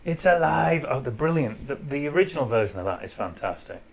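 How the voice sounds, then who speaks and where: A man co-hosting a casual podcast, telling stories animatedly with many restarts and pauses. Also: medium pitch, lively intonation, husky. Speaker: podcast co-host. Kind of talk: casual chat.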